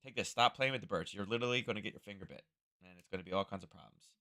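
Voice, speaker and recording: A slightly hoarse man hosting a trading livestream from home, talking casually and thinking aloud into a close microphone. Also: fairly low pitch, rapid-fire, pushed and bright. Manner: rambling, thinking aloud, chuckling asides. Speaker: trading stream host. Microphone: close-up desk microphone.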